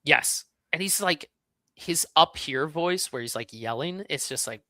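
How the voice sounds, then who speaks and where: A man chatting as a podcast guest, agreeable and quick to laugh. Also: fairly high pitch, no room sound. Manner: animated, agreeable, laughs often. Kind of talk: casual podcast chat.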